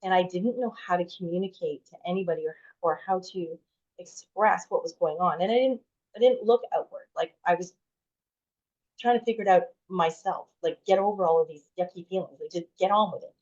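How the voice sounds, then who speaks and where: A woman's voice: lowish voice, brisk, darkish tone. A woman in her forties, a podcast guest telling a personal story in a chatty way, full of "like" and restarts. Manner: chatty, heavy use of "like", frequent restarts. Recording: dull lo-fi audio.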